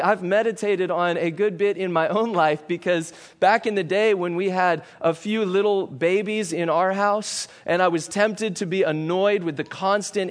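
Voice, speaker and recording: A man preaches a sermon as a pastor, earnest and emphatic, moving from stressed peaks to quiet, grave passages. His voice sits high, and the recording has a long reverb tail.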